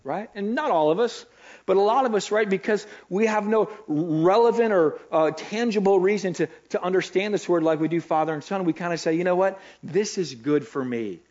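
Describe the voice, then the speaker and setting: A man's voice: high voice, fairly quick, a little mellow, lo-fi sound. Man preaching a conversational sermon. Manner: conversational, rhetorical questions to the congregation. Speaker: pastor. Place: church hall.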